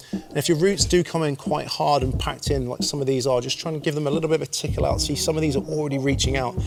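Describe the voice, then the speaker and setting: With background noise around him and a music bed underneath, a man of medium pitch gives gardening tips outside. He's keen and chatty, slipping in jokes as he demonstrates in a casual how-to style.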